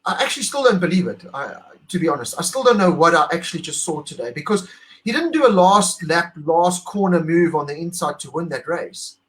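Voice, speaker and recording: A high-pitched man co-hosts a casual talk, gushing with emotion and animation. He is middle-aged and from South Africa. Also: sing-song, brisk, a bit bright, low-quality recording. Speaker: podcast co-host. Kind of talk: excited casual chat.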